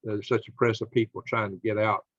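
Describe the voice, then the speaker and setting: A man's voice: on the low side, level tone, brisk, no room sound, muffled recording. A middle-aged man hosting his own channel, reading news aloud and commenting on it with indignant anger. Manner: angry, indignant, rising to shouts of outrage. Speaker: channel host.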